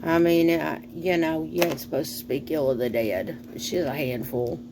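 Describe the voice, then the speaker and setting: A woman's voice: low voice, steady tone, gravelly, background noise. A middle-aged woman from the American South with a Southern accent, chatting casually and folksily while cooking. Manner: slow, folksy, rambling with fillers and sighs. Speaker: cooking vlogger.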